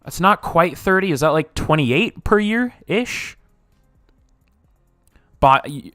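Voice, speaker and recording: A young man streaming live, reading chat aloud and reacting, swinging from low mumbles to loud outbursts, his voice wearing out. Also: expressive, slow, no room sound, clean studio sound, faint music behind.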